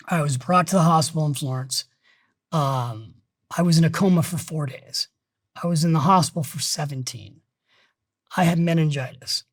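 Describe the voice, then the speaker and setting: A middle-aged man, a guest on a podcast interview, who talks about money in an emphatic, energetic way and tells stories as he goes. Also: fairly high pitch, no room sound, clean studio sound. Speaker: guest, financial author.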